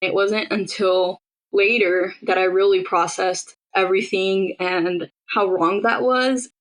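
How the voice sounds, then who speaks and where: A woman's voice: mid-range voice, fairly even intonation, slow pace, low-quality recording. A young woman, a podcast interviewee, recounts her own experience in a casual, conversational way, often saying "like". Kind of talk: personal storytelling in an interview.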